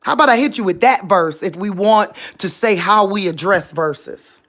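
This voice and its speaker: Woman vlogger, fervent and preachy, talks straight to camera, mid-pitched voice. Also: animated, normal speed. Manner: impassioned, preachy, addresses viewers directly. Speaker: religious vlogger. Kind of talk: unscripted spiritual monologue to viewers.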